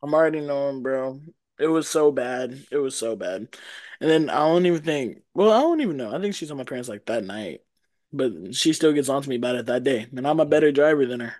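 A man's voice: mid-range voice, lively intonation, fast talker, a little mellow, dry recording. A young man co-hosting a podcast, chatting casually in a laid-back way and laughing along with his friend. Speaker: podcast co-host. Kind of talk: casual chat.

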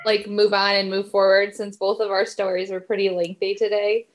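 A woman's voice: mid-range voice, level tone, normal speed. Woman co-host with short reactions. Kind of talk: casual chat.

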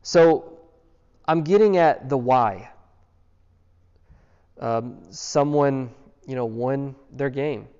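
A man's voice: medium pitch, extremely slow, long pauses, warm tone, clear, resonant tone. A man preaching a sermon, earnest and emphatic, asking his listeners one rhetorical question after another. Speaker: pastor. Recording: dull sound with long hall reverb.

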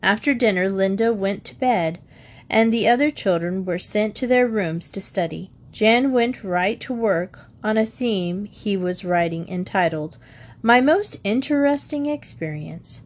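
A woman narrating a children's book in a steady storytelling manner. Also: medium pitch. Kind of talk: audiobook reading of a children's book.

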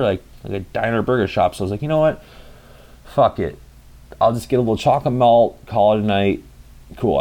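A man's voice: lowish voice, darkish tone. Rambling, profane young man telling a story. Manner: rambling, profane, acts out quoted dialogue. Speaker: vlogger. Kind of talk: casual storytelling.

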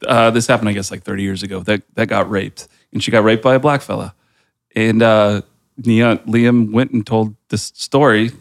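A man's voice: lowish voice, fairly even intonation, moderate pace, gravelly. A man hosting a pop culture podcast, chatting casually with loose, profane phrasing and plenty of fillers. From United States. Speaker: podcast host.

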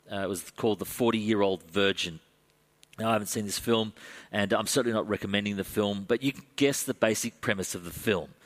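A man's voice: medium pitch, fairly bright tone. A man, a pastor, preaching a conversational sermon to a church congregation, with dry sarcastic humor.

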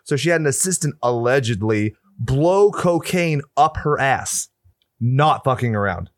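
A man's voice: mid-range voice, lively intonation, a little slow, no room sound, clean studio sound. Man joking in casual podcast banter. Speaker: podcast co-host. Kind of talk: casual chat reviewing a film.

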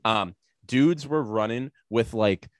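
A man's voice: on the low side, takes it slowly, no room sound. A man on a casual podcast, telling a long rambling story full of fillers, profanity and sarcastic asides.

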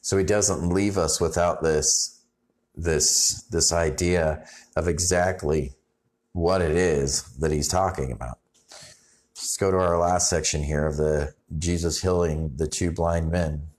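A man's voice: deep voice, fairly even intonation, a little mellow. A man preaching a sermon in a conversational way, often restarting his sentences. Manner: conversational, halting restarts, rising intensity when reading scripture. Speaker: pastor.

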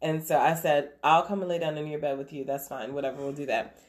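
Laughing animated woman telling a story. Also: sits low, fast. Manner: animated storyteller, acts out quotes, laughs often. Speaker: podcast co-host. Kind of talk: casual chat.

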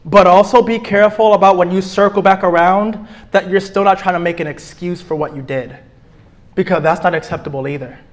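Emphatic high-voiced preacher man. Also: steady tone. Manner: emphatic, preachy, drawn-out repeated phrases. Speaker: pastor teaching a relationship class. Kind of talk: sermon-style teaching.

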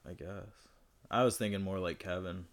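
Young male podcast guest from Michigan, low and fry-heavy voice, rambling and profane. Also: steady tone, moderate pace. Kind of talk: casual podcast chat. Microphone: studio podcast mic.

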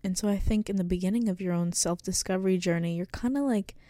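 A teenage woman chats alone into a close microphone, musing and rambling with many fillers. Her voice sounds mellow and soft-edged, and the recording is dry with no room sound at all. She talks like a casual solo podcaster thinking out loud. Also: mid-range voice, quick pace, no room sound. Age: late teens. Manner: rambling, filler-heavy, reflective. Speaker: podcast host. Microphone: close studio microphone.

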